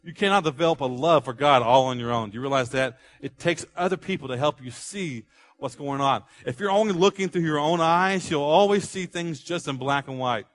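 A man with a slightly high-pitched voice preaches a sermon in a lively, rhythmic way. He leans on repeated phrases and raises his voice to act out quoted speech. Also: a little fast. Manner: animated preaching, acts out quotes with rising volume. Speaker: pastor.

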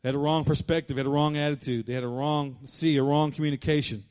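A man preaching a sermon as pastor, fervent, repeating his lines for emphasis and rising to loud declarations. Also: on the high side, fairly even intonation, quick pace.

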